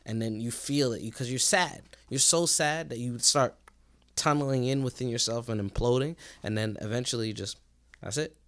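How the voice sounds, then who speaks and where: A man's voice: mid-range voice, moderate pace, a bit bright, no room sound. A man in a casual podcast chat who tells things dramatically and with animation.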